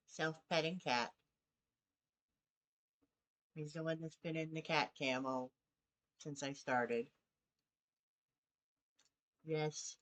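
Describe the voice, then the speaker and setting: Slow-talking woman streamer, cooing. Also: deep voice, a bit bright. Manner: coos and baby-talks to her cat. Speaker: game streamer. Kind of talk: casual live-stream chat.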